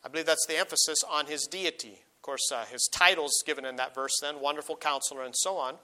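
A middle-aged man preaching a sermon as a pastor, earnest, slowing down and rising when he reads scripture aloud. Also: a little high, bright, forceful tone. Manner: earnest, slows and rises on quoted verses.

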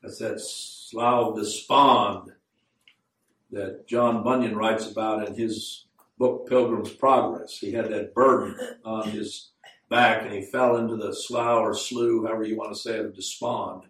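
A man preaching a sermon, earnest and growing fervent, slowing down to quote scripture in the words of old Bible translations. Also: fairly low pitch, steady tone, fairly bright tone. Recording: echoey room, mic at a distance.

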